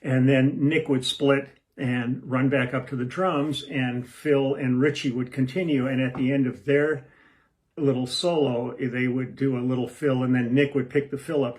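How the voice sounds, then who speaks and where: A man's voice: mid-range voice, steady tone, moderate pace, darkish tone. Easygoing, rambling male musician. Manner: rambling, self-interrupting, easygoing. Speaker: musician hosting a home video series. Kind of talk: casual chat to camera.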